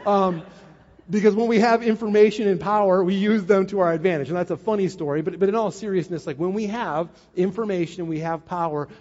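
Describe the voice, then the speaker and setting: A middle-aged man preaching a sermon, telling a family story with animated asides to his congregation. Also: high voice. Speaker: pastor. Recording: muffled, long hall reverb.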